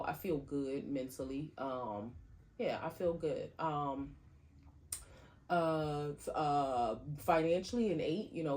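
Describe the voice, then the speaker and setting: A woman co-hosting a podcast in casual chat, chatty and quick to laugh. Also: sits low. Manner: chatty, laughs easily, loud-ish. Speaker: podcast co-host.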